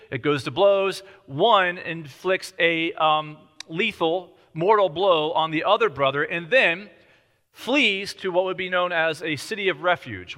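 Male preacher, sermon, conversational, bright tone, fairly high voice. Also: long reverb tail. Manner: conversational, explanatory. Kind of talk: sermon explaining scripture.

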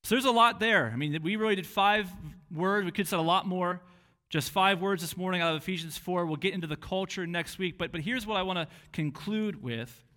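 A man's voice: sits high, a little fast, sharp tone. A man preaching a sermon, earnest and questioning, who now and then acts out a harsh inner voice. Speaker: pastor.

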